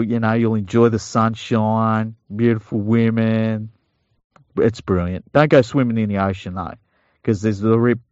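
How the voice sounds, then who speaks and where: A man with a lowish voice co-hosts a sports podcast, rambling and joking. The sound is dry and dull, like a home podcast mic. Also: a little mellow, dry recording. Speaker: podcast co-host. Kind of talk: casual sports chat.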